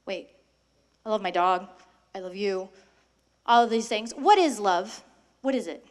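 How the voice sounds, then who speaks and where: At a measured pace, a young adult woman leads a spirited faith talk for high school students, asking them questions and dramatizing the lines she quotes.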